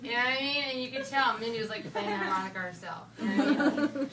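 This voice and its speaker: A young woman from Connecticut giving a casual, joking rehearsal dinner toast, rambling with playful slang and quick asides. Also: on the high side. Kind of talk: casual joking speech to a crowd. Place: dinner hall with guests. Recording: roomy hall from a distance, loud crowd.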